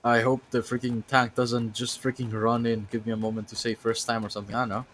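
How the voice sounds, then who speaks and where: A man casually commenting on a video game as he streams it, thinking aloud and sometimes yelping with excitement. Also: medium pitch, fast talker, slight background noise. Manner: chatty, thinks aloud, bursts into excited yelps. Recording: game music playing behind.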